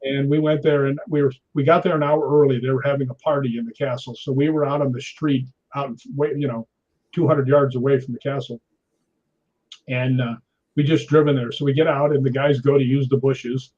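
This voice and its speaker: A man in his sixties with a medium-pitched voice speaks fairly quickly while guesting on an interview. He's an animated storyteller who acts out quoted dialogue, heard through dull lo-fi sound.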